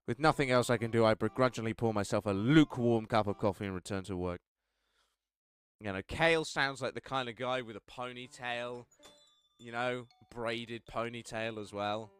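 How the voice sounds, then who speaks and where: A man reading a text game aloud with wry commentary, swinging between deadpan narration and outbursts. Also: mid-range voice, moderate pace, clear, resonant tone, soft background music. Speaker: game streamer.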